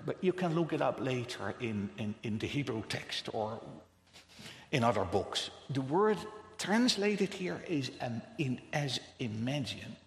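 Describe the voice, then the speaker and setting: Male preacher, emphatic and rhetorical, slow and lively delivery, long hall reverb. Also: on the high side. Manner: emphatic, rhetorical, repeats words for effect. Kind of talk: sermon.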